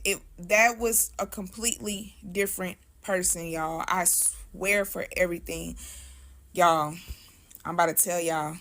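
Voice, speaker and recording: A woman's voice: medium pitch, bright, forceful tone. A young adult woman telling a spooky story in a casual, slangy way, talking straight to her viewers.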